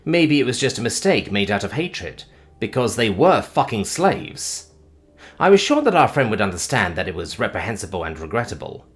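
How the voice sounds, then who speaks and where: Male narrator, first-person sci-fi, wry casual delivery with a very lively pitch. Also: moderate pace. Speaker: audiobook narrator.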